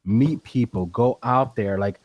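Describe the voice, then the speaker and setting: A man's voice: mid-range voice, measured pace, darkish tone, no room sound. Earnest, emphatic man guest. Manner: earnest, emphatic, repeats himself. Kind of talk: casual podcast chat.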